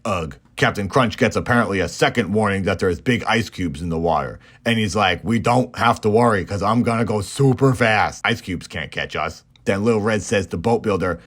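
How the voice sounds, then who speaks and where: A man narrating a comedic movie recap in a deadpan way, slipping into quick silly character voices. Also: sits low.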